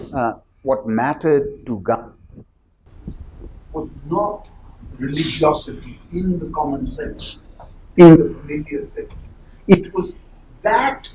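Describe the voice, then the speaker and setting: A panelist in a discussion who speaks in a slow, measured and thoughtful way. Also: mid-range voice, lively intonation, darkish tone, a little hiss or hum, poor audio.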